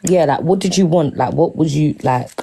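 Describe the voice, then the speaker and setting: A woman's voice: sits low, moderate pace, gravelly, warm tone, breathy edge. A woman on a phone live stream, pressing a guest with a repeated question and lots of "like".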